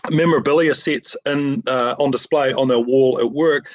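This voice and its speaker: A middle-aged man with a New Zealand accent, talking about his work in a relaxed, rambling way with plenty of ums and restarts. His voice sits at an ordinary middle pitch. The sound is dry and close, as on a video call. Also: moderate pace, dry recording, poor audio. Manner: modest, rambling, many fillers and restarts. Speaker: framing shop owner. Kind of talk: casual interview.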